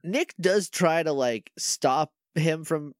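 A man's voice: fairly high pitch, slow, no room sound, studio quality. A man co-hosting a casual podcast, recapping a show with jokes and acting out scenes in silly voices. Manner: animated, jokey, acts out scenes in silly voices. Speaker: podcast co-host.

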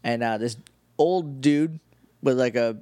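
A man's voice: mid-range voice, measured pace, dark tone, no room sound. A man co-hosting a podcast, chatting casually and rambling through an episode recap. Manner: rambling, self-interrupting, quoting characters in a lazy offhand voice. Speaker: podcast co-host.

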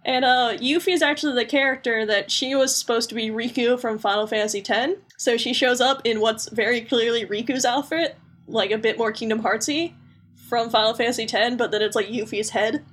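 Chatty woman with a slightly high voice. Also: fairly quick, fairly bright tone, husky. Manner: rambling, joking and blunt, with frequent fillers. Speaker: podcast co-host. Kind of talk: casual chat recapping a video game.

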